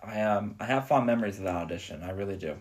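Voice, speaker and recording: A man's voice: lowish voice, fast talker. Earnest man chatting about films. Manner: earnest, enthusiastic, with frequent restarts. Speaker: podcast co-host. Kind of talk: casual movie podcast chat.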